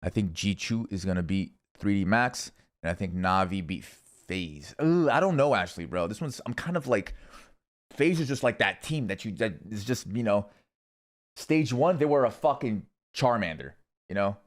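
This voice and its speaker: Young guy streaming, low-ish voice, swears a lot, rambles through his picks. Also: expressive, normal speed. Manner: rambling, profane, thinking aloud. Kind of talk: casual esports predictions chat.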